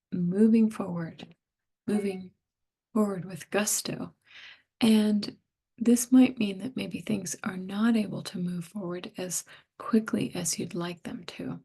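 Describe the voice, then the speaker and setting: Hoarse, breathy woman reading tarot slowly. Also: mid-range voice. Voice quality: breathy, partly whispered. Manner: slow, gentle, musing. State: losing her voice, hoarse. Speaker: tarot reader.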